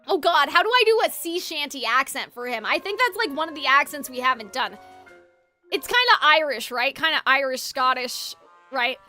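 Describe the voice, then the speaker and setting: A woman's voice: sits high, expressive, normal speed, bright, forceful tone, faint music behind. Chatty woman streaming a game. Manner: chatty, joking asides with filler words. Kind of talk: casual gameplay commentary.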